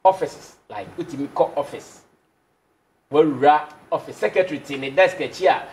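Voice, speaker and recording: A man's voice: fairly high pitch, normal speed. A Ghanaian man hosting a casual commentary show, switching between English and Twi and acting out dialogue as he tells a story. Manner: animated storytelling, acts out dialogue. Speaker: host.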